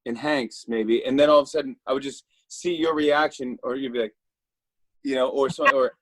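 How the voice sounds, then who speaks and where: A middle-aged man hosting a talk show, chatting casually with a guest over a video call, upbeat and quick to laugh. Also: mid-range voice, steady tone, fairly bright tone, no room sound. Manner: laughs easily, upbeat and enthusiastic. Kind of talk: casual interview chat.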